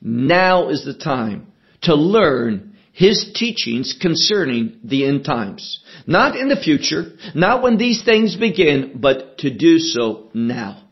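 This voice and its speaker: A man teaching a sermon verse by verse, deliberate and emphatic, asking rhetorical questions as he explains the text. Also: fairly high pitch, sing-song, dull audio. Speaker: Bible teacher.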